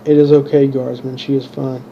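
A man's voice: medium pitch, flat delivery, normal speed, creaky, lo-fi sound, slight background noise, close to an everyday voice. A worried young knight, read by a man. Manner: plain, barely changed reading voice.

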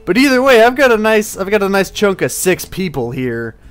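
A man casually commenting on his gameplay, rambling and excitable, swearing at enemies. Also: high-pitched, brisk. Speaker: gaming channel host. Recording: faint game music behind. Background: game music.

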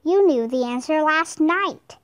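A woman voicing a studious, sensible young boy in a calm, matter-of-fact way. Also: sits high, a little slow.

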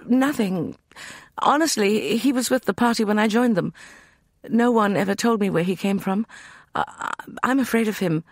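A man raising his voice to play a nervous young woman, timid and fluttery, stammering in fright. The tone stays husky and high. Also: moderate pace, no echo, clean studio sound. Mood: frightened.

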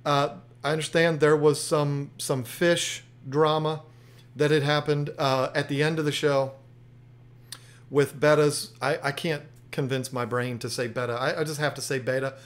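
A man's voice: a little high, level tone, measured pace. A man hosting an aquarium channel, telling a story in casual chat, often restarting and repeating himself.

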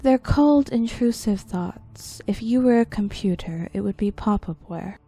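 A woman voicing a calm aunt who explains things slowly in a creepy story reading. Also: mid-range voice, husky, no echo, voice pushed up.

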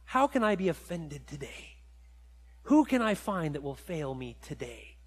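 A male pastor with a notably high voice delivers a sermon in a church. He swings between excited, climbing storytelling and hushed, low reflection. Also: unhurried, husky, big-room sound. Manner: animated storytelling, rising high when excited, dropping low and quiet for reflection. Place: church sanctuary.

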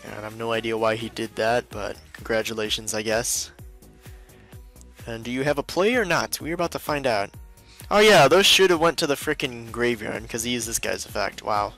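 A man's voice: medium pitch, normal speed, sharp tone, soft background music. Exasperated, sarcastic male game commentator. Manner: exasperated and sarcastic, frequent laughs. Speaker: video host and duel commentator.

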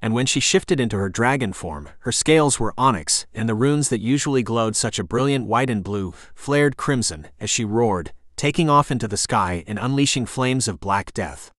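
A man reading a first-person fantasy audiobook in a measured, dramatic storytelling manner. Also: medium pitch, expressive, a bit bright, no echo, studio quality. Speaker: audiobook narrator.

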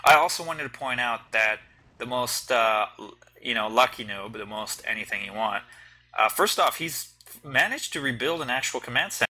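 A young man with a bright, forceful voice talks through a strategy game replay in a loose, chatty way. He teases his co-caster and restarts his sentences as he goes. He sounds like he is on a headset over voice chat. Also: mid-range voice, expressive, normal speed, poor audio. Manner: chatty, teasing, with many restarts. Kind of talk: casual game commentary.

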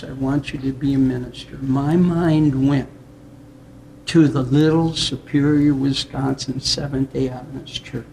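Male pastor from the US Upper Midwest; reflective, unhurried testimony with soft chuckles. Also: mid-range voice, gravelly, slight background noise. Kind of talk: personal testimony in conversation.

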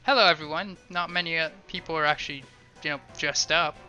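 Bright, wry man playing a game. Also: a little high, steady tone, brisk, faint music behind. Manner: wry, offhand reading of game lines. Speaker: let's play gamer. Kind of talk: casual game playthrough, reading dialogue aloud. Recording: slightly dull lo-fi sound.

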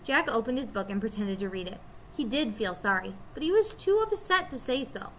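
A woman teacher reading a children's chapter book aloud to her students, expressive and storytelling. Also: fairly high pitch, brisk, slight background noise.

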